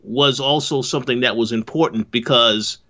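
A man co-hosting a casual talk, speaking in a measured, hesitant way with repeated words. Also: mid-range voice, pushed and bright. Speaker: podcast co-host. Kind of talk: casual discussion. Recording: dull lo-fi mic.

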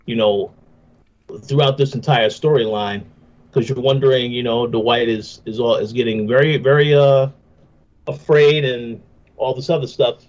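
A man co-hosting a casual TV recap podcast, talking in halting bursts and repeating his words. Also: mid-range voice, steady tone, darkish tone. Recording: dull lo-fi sound.

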